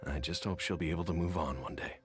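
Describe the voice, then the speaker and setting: A man voicing a wistful townsman in a video game, speaking gently and with regret. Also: deep voice, natural voice. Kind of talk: game voice acting.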